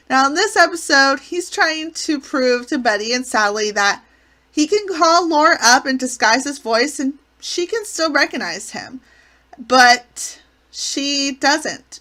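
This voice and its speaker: A woman's voice: on the high side, pushed and bright. A woman hosting her channel, recapping sitcom episodes in an enthusiastic, gushing way. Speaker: channel host reviewing a classic sitcom.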